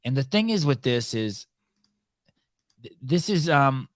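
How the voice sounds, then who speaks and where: A man hosting a live call-in podcast, talking in a rambling, halting way with many restarts. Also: medium pitch, very animated, no room sound, clean studio sound. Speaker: podcast host.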